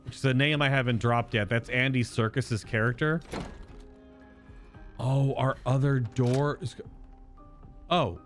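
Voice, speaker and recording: A man's voice: medium pitch, a little slow, pauses often, soft background music. A man giving casual, playful commentary while playing through a video game, joking and thinking aloud as he explores. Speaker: let's play host.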